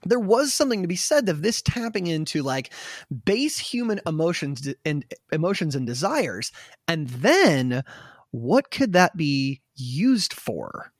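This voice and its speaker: A man hosting a casual podcast, telling the story in an animated way with fillers and swearing. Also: on the high side, no room sound, studio quality. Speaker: podcast host.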